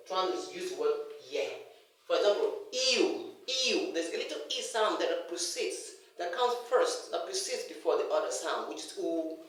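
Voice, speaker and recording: A man teaching English pronunciation in a classroom lecture, repeating words over and over for emphasis. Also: sits high. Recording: echoey room, mic far off.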